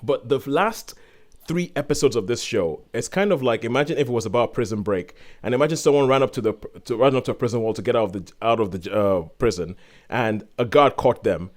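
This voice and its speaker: A man co-hosting a podcast, giving an animated, exasperated review in casual chat and acting out quotes in sudden high voices. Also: a little fast. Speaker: podcast co-host reviewing a series.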